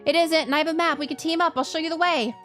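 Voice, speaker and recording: A woman voicing a sharp-witted young woman soldier with a pushy, deadpan way of talking. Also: a little high, fast talker, faint music behind, pitched above the performer's own voice.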